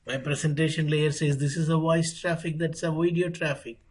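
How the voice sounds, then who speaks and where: A man teaching networking in an online lecture. He speaks deliberately, repeats key phrases and asks rhetorical questions. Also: on the high side, flat delivery, breathy edge, poor audio. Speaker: networking instructor.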